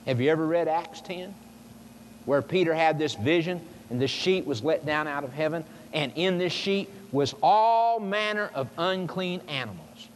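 Preaching man in a reverberant hall. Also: a little high. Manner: emphatic, rhetorical questions to the congregation. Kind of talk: sermon. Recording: long hall reverb, faint noise.

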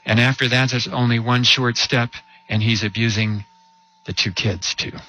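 A man preaching a sermon, telling a story with rhetorical questions and slowing down to stress key words. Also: medium pitch, fairly even intonation, sharp tone, dull audio. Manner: storytelling with rhetorical questions and slow emphatic drops.

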